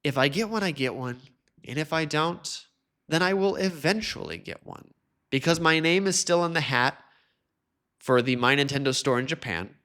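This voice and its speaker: A man hosting a solo podcast, talking casually and chattily, now and then mimicking others in a high mocking voice. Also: moderate pace, pushed and bright. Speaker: podcast host.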